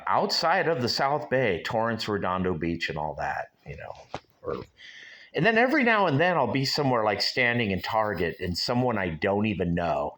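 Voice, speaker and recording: A man's voice: on the low side, a bit bright. A man in his sixties hosting his own show, musing aloud in a rambling, casual way and speaking straight to his viewers. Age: 60s. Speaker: show host. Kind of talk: casual solo vlog chat.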